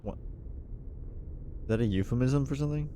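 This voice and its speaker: A man's voice: medium pitch, a little fast, mellow, slight background noise. A man streaming a puzzle game, chatting in a laid-back, rambling, self-mocking way. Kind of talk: casual gameplay commentary.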